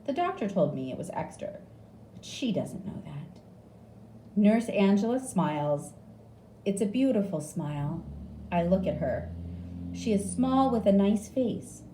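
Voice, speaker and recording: Woman narrator for learner audiobook: slow, lively, mellow tone, echoey room. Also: medium pitch, slight background noise. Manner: slow, clear, expressive reading. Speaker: reader. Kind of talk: graded reader audiobook narration. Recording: echoey room with faint ambience.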